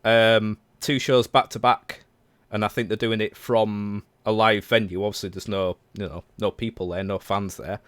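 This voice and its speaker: A man's voice: fairly low pitch, little pitch movement, normal speed, fairly bright tone, no echo. A man in his thirties hosting a casual livestreamed podcast, talking in a rambling, chatty way full of self-corrections. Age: 30s. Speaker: podcast host.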